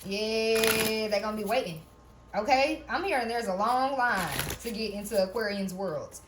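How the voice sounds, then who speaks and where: A woman gives a loose, chatty tarot reading in a slightly higher voice. She checks in with "okay?" after almost every thought. She laughs often and drops the odd curse word. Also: normal speed, noisy background. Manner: repeats "okay?" often, laughs, swears casually. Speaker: tarot reader. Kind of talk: casual spiritual reading.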